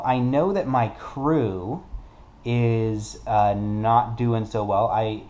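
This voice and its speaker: Man, mellow dark tone, casual board game rules talk, thinking aloud, self-correcting. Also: mid-range voice. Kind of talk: solo tabletop playthrough, explaining rules.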